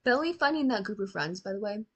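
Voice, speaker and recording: A woman's voice: medium pitch, lively intonation, fast. Sarcastic woman ranting about a show. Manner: blunt, sarcastic, swears freely, talks straight to the show's characters. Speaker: show reaction commentator. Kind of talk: casual reaction commentary.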